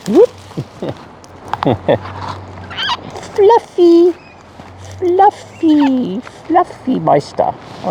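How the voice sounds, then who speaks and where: Filming his parrots on a tripod-mounted camera, a man coos to his pet birds in a sing-song voice full of high, squeaky swoops. It's casual chat recorded indoors among the birds, with the background noise coming through clearly.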